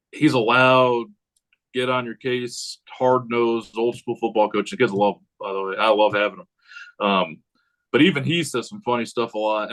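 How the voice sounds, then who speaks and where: A man's voice: mid-range voice, rough recording. Rambling man, casual coaching chat. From United States. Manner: rambling, animated, acts out quotes of himself. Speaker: high school head football coach.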